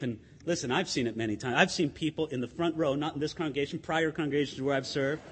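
A man preaching a sermon as pastor, conversational and animated, with asides to the congregation. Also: sits high, in a large hall, a little hiss or hum.

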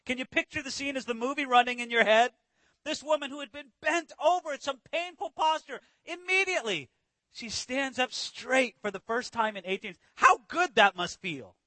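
A man preaching a sermon, walking through a Bible passage verse by verse and acting out its scenes with lively emphasis. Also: very high-pitched, moderate pace, dry recording, low-quality recording. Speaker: pastor.

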